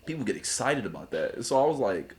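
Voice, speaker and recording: This is a young man guesting on a casual podcast, spinning a lively anecdote. His pitch sits in the middle of the range but leaps up and down as he gets into it. He keeps breaking into laughs and mimicking the people in his story. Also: quick pace. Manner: laughs often, acts out voices in anecdotes. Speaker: rapper guest.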